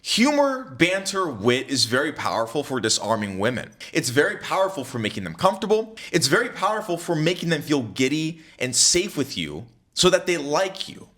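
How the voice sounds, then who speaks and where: Young man, dating coach, casual storytelling, very animated pitch, bright voice. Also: moderate pace, hardly any pauses. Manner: animated, acts out both sides of dialogue.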